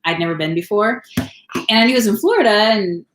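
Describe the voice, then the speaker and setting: A woman's voice: mid-range voice, brisk, roomy sound, noisy background. A woman in her thirties from California, chatting casually on a home live stream, rambling and laughing often. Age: 30s. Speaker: vlogger. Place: home, indoors.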